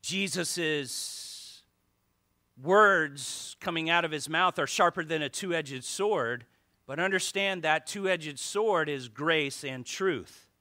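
A male pastor preaching a lively sermon, joking with the congregation and reading scripture aloud. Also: on the high side, slow pace. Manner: animated preaching with asides and jokes to the congregation.

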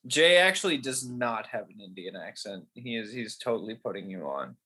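A man's voice: on the low side, very animated, normal speed, pushed and bright, breathy edge. Rambling, profane young man. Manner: laughing, profane, rambling storyteller. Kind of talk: casual chat.

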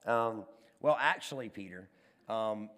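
A man acting out a calm, patient male teacher who gently corrects with some hesitation. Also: lowish voice, measured pace, pitched below the performer's own voice. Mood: gentle. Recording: long hall reverb.

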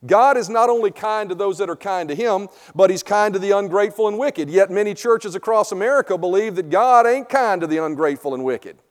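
A male pastor with a high voice delivers a conversational sermon in a big hall that rings with long reverb. He keeps tagging his points with "right?", swinging from loud, stressed lines down to soft, low asides. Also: fairly quick, hardly any pauses. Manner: conversational preaching, asks "right?" after many points.

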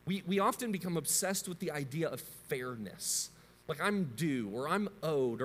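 A man's voice: fairly high pitch, a bit bright, long reverb tail, a little hiss or hum. A man in his thirties preaching a sermon as a pastor, conversational and story-driven, often asking his listeners questions.

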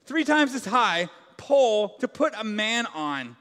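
A man's voice: high-pitched, very animated, a little slow, fairly bright tone, clean tone. A man preaching a sermon as pastor in a large church hall, casual and joking, full of filler words.

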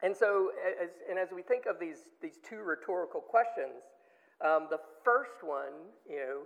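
A man's voice: high-pitched, expressive, normal speed, gravelly. A man teaching a Bible study in a chatty, emphatic way, with lots of fillers and restarts. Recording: dull lo-fi sound with long reverb.

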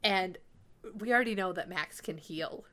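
A woman's voice: fairly low pitch, moderate pace, fairly bright tone. A woman co-hosting a podcast, chatting casually about a TV episode with many fillers and asides. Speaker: podcast co-host. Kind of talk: casual TV recap chat.

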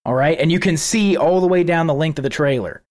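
Animated, profane man, slightly high voice. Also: a little fast. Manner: profane, animated retelling of a news video. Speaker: podcast co-host. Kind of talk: casual political podcast chat.

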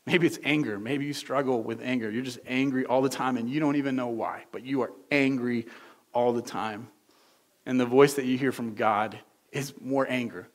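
A man's voice: medium pitch, moderate pace. A man preaching a sermon as pastor, earnest and conversational, with many rhetorical questions.

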